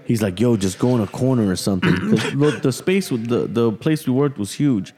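A man's voice: mid-range voice, animated, a little fast, mellow. Profane man telling a story in an echoing space. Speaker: podcast host. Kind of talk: casual storytelling. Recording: long hall reverb.

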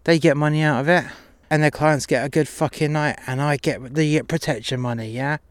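A man's voice: fairly high pitch, steady tone, a little fast, clean tone, no echo, natural voice. A man playing a sneering pimp boss. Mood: mocking. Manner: swearing, mocking, boastful.

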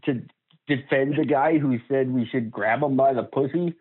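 A man's voice: medium pitch, normal speed, husky, dry recording, narrow, tinny audio. A man co-hosting a podcast, talking in a blunt, sweary, sardonic way in casual chat. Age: older. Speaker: podcast co-host.

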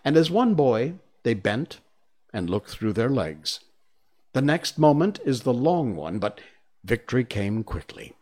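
A man's voice: lowish voice, a little slow. A man streaming, reading a children's book aloud and chatting casually with viewers afterward. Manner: lively, expressive, chatty with fillers. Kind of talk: read-aloud narration and casual stream chat.

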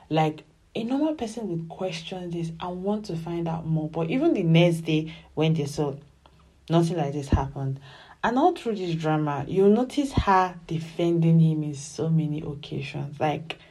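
A woman giving casual, animated commentary as she reviews a television drama. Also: low voice, husky. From Nigeria. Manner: animated and emphatic, often acts out dialogue.

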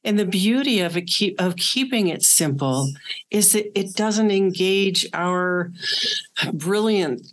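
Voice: mid-range voice, takes it slowly. Attentive interviewer on a video call. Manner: attentive, affirming, reflective. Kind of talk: casual conversational interview.

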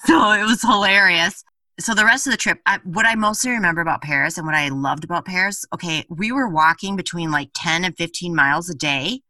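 Bright-voiced woman telling a travel story. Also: on the low side, a little fast, no echo, distant mic. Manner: animated, laughing, swears freely, many "like" fillers. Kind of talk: casual storytelling chat.

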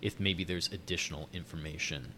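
A man's voice: sits low, steady tone, fairly quick, pushed and bright, a little hiss or hum. A man co-hosting a podcast, talking casually and reading an article aloud. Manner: conversational, reads articles aloud. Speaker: podcast co-host.

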